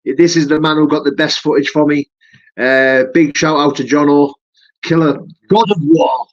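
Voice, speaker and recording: Steady in tone and moderate in pace, a fighter's fairly high voice comes through with the highs cut off as he chats on his live stream. He responds to viewer comments in a matey manner, full of "mate" and "you know."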